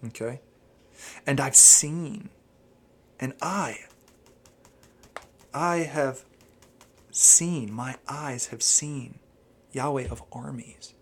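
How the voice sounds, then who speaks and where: A man explaining scripture in a rambling, animated podcast conversation, quoting Hebrew phrases as he goes. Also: mid-range voice, slow pace, long pauses, slight background noise. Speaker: Bible teacher.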